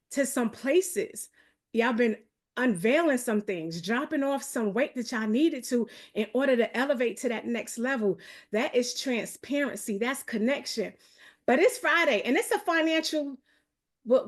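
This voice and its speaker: A New York woman with a local accent runs a live online accountability call, talking fast and with lots of energy as she hypes up her audience and keeps calling out to them. Her voice is high.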